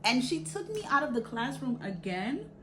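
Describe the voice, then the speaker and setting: A woman's voice: sits high, sing-song, normal speed, crowd noise. A woman in her thirties from Brooklyn, chatting animatedly through a storytime while doing her makeup and often adding "right?". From Brooklyn, New York. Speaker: vlogger.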